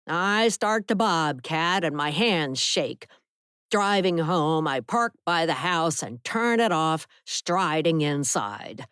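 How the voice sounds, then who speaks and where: Slow, measured woman audiobook narrator. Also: on the low side, expressive, clear, resonant tone, no echo, clean studio sound. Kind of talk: scripted narration.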